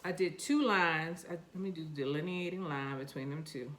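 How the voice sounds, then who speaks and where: A woman's voice: low voice, moderate pace. A woman with a New York accent, chatting to herself and her seeds while planting them in a casual gardening vlog. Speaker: gardening vlogger.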